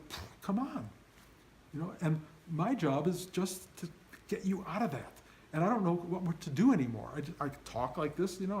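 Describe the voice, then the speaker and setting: A man's voice: a little high, a little mellow, slight background noise, poor audio. An older man giving an informal spiritual talk to his students, earnest and emphatic, often acting out their inner voices. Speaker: spiritual teacher.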